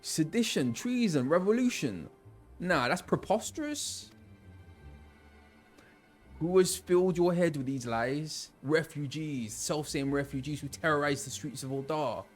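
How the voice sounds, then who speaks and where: A man's voice: fairly high pitch, animated, a little slow, soft background music, pitched above the performer's own voice. A man doing a sneering roadman merchant. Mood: defiant. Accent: London roadman. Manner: sneering, defiant, slangy. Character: shifty scheming male merchant, street-slang roadman.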